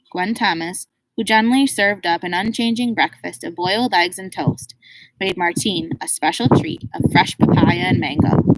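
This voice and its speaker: A woman narrates a children's novel in a steady, expressive audiobook voice. Her pitch sits fairly low and her reading is even and clear. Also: poor audio. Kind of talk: scripted storybook narration.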